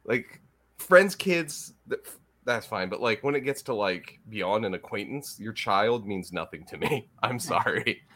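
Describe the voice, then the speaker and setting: Podcast co-host, male, animated storyteller, bright tone. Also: lowish voice, unhurried. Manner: animated storyteller, laughs often. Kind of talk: casual chat.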